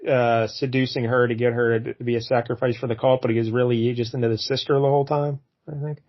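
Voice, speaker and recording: A man co-hosting a casual podcast, recapping a comic's plot in a relaxed, wry way. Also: medium pitch, fast, dull audio. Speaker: podcast co-host. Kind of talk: casual comic review chat.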